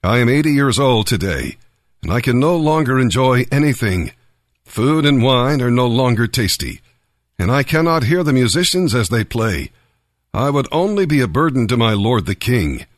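A man's voice: mid-range voice, very animated, normal speed, no echo, studio quality, natural voice. A man reading scripture aloud, voicing a tired eighty-year-old man who declines the king's offer. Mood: weary. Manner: weary, resigned.

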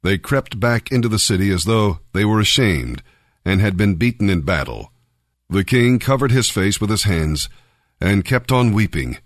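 A man reading a Bible passage aloud as scripted narration, in a measured, even way. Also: on the low side, no echo, clean studio sound. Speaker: Bible reader.

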